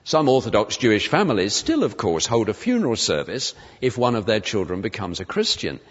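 A man's voice: fairly low pitch, sing-song, breathy edge. Male preacher in an echoing hall. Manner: measured, expository, slows to stress quoted verses. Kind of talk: sermon. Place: church. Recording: reverberant church hall, dull lo-fi sound.

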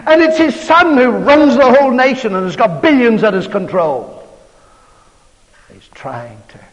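A man with a high voice preaches a sermon, telling the old story with dramatic, emphatic swings. His words ring out with the long reverb of a large hall. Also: expressive, unhurried, dull audio.

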